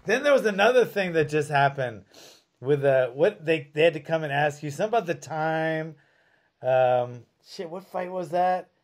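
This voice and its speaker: A man hosting a podcast, chatting casually and excitably and swearing freely. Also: on the high side, normal speed. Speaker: podcast host.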